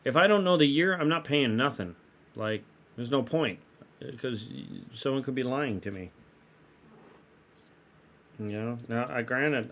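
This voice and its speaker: A man's voice: mid-range voice, slight background noise. Rambling casual streamer man. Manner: rambling, self-correcting, chatty. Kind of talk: casual live-stream chat.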